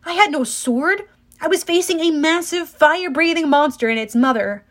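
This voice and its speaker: A woman reading a first-person adventure novel aloud in an expressive, dramatic way. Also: high voice, normal speed. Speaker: audiobook reader.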